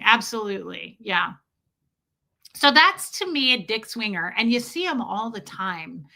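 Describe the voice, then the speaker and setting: A woman hosting a casual livestream, reading out viewer comments and telling stories in a profane, animated way. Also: a little high, measured pace. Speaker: livestream host.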